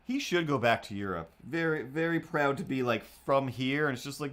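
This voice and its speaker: A man's voice: moderate pace, few pauses. Rambling man telling a story on a livestream. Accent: self-made, hard to place. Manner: rambling, with frequent restarts and fillers; animated, jumps into squeaky voices for the people he quotes. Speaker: livestream host. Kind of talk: casual storytelling while drawing.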